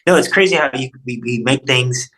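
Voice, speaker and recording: A man's voice: mid-range voice, brisk, a bit bright, low-quality recording. A man chatting loosely as a guest, swearing and repeating himself. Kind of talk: casual interview chat.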